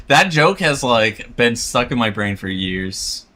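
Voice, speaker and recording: Bright-voiced chatty male streamer. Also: medium pitch, lively intonation, unhurried. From South Florida. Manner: rambling, chuckles often, self-deprecating. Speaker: VTuber streamer. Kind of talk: casual chat while drawing.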